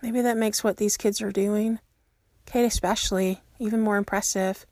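A woman narrating a story aloud in a steady, measured way. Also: mid-range voice, no echo, studio quality. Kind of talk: reading fan fiction aloud.

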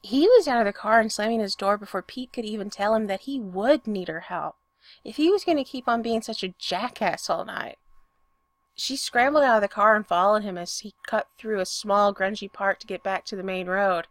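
A woman reading fiction aloud in an expressive, plain-spoken way. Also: mid-range voice, normal speed, dry recording. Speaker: story reader.

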